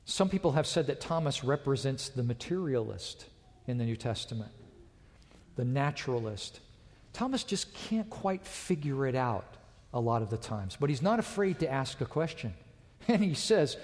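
Male preacher, fairly high voice, dramatic sermon delivery, big church reverb. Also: very animated, moderate pace. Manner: dramatic preaching, swings from loud to hushed. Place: church with a balcony. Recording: long reverb of a large church.

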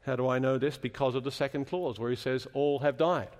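A man's voice: mid-range voice, fairly even intonation, fast, darkish tone. Man preaching in a reverberant chapel. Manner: teaching, explains scripture with questions to the congregation. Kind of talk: sermon.

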